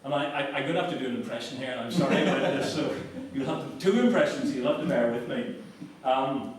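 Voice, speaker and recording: A man's voice: medium pitch, fast talker, crowd noise. Brief: male speaker, anecdotal and wry, recorded from afar in a reverberant hall. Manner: conversational, storytelling, self-mocking. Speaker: guest speaker. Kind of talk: anecdotal public talk. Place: lecture hall. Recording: echoey hall from far off.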